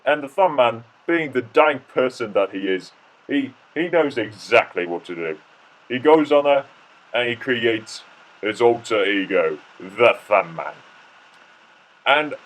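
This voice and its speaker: A man telling a comic mock-documentary story, rambling, jokey and full of restarts. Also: medium pitch.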